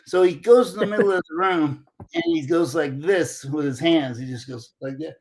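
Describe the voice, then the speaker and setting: A man in his sixties, an interview guest telling a lively anecdote and acting out the dialogue. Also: on the high side, moderate pace, few pauses. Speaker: interview guest, former Olympic wrestler. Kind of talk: casual storytelling.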